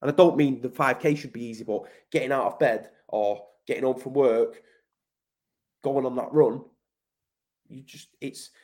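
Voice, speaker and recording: A man's voice: medium pitch, moderate pace, darkish tone. A man from Manchester with an English accent, a podcast guest talking in a blunt, emphatic way, swearing often and calling the host mate. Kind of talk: casual conversational interview.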